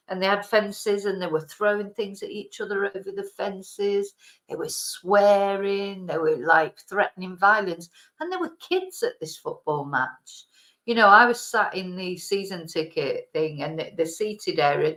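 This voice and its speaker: A woman's voice: lowish voice, a bit bright. A woman from Manchester, with a light Manchester accent, chatting casually to camera, rambling and correcting herself as she goes, with a laugh now and then. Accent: Mancunian, softened. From Manchester, England. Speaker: vlogger. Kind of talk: casual chat. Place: home, lives in Spain.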